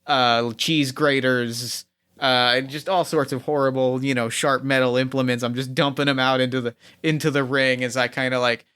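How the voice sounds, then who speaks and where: An eager man describes his character's wild actions in a tabletop game, often stumbling over repeated words. His voice is bright and smooth. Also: mid-range voice, flat delivery, moderate pace. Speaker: player.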